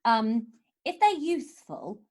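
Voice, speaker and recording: Woman comedian, podcast guest, dry mock-grumpy ranting, bouncy high-ish voice. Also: sing-song, slow pace, a little mellow. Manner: laughs between lines. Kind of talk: casual podcast chat.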